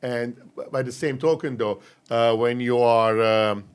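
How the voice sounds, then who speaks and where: A man hosting a podcast, asking careful, measured questions of his guest. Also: medium pitch, steady tone, smooth. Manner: measured, searching for words. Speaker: podcast host. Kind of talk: interview questions.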